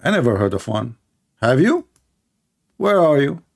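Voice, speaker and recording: A man's voice: mid-range voice, sing-song, measured pace, vocal fry. Sarcastic man taunting callers. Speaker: debate show host. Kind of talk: confrontational call-in debate.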